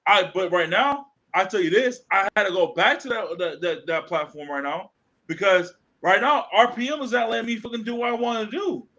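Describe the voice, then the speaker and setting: Man, podcast co-host, high voice, bright tone, casual chat, animated storytelling. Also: normal speed, rough recording. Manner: animated storytelling, acts out quoted dialogue, swears freely.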